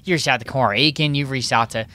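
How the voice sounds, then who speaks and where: Fast-talking excitable podcast co-host. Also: male voice, mid-range voice, no room sound. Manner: fast, excitable, rambling with many restarts. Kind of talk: casual sports chat.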